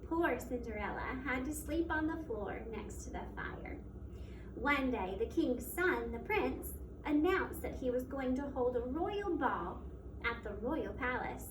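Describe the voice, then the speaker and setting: High-voiced woman teacher reading a story. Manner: expressive, measured storytelling. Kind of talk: storybook read-aloud. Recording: echoey room, mic at a distance, faint background noise.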